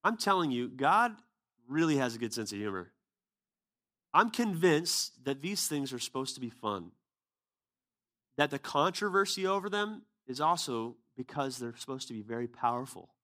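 A man delivers a sermon through relaxed personal storytelling. His tone is conversational and unpolished, turning earnest and emphatic as he drives home his message. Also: mid-range voice, moderate pace. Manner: casual, conversational retelling with quoted dialogue. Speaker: preacher.

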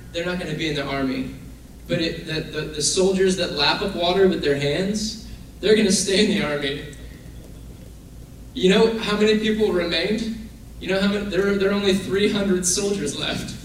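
A man's voice: high voice, a bit bright. A man preaching a casual, conversational sermon and acting out the people in his stories. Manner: casual, conversational, acts out quoted figures. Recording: very echoey room from far off, faint noise.

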